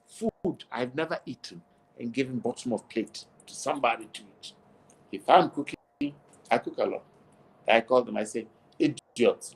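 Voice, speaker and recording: A man with a gravelly, mid-pitched voice talks as an interview guest. He speaks emphatically, preaching and repeating his points. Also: rough recording. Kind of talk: passionate monologue in an interview.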